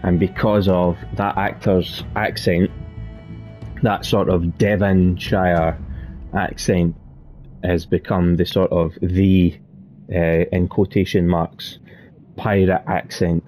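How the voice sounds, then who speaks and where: A man's voice: low-pitched, little pitch movement, slow, darkish tone, soft background music. A man hosting a let's play channel, talking over his gameplay in a chatty, rambling way that often corrects itself. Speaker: gaming channel host.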